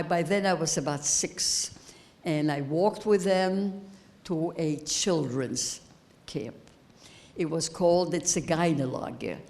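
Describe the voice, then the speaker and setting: A woman in her eighties giving a personal testimony as keynote speaker, slow and halting, repeating phrases as she grows emotional. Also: sits low, darkish tone. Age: 80s. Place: high school event hall.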